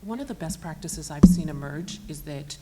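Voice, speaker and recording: A woman moderating a panel, making concise, calm points. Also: sits low, normal speed, over loud music.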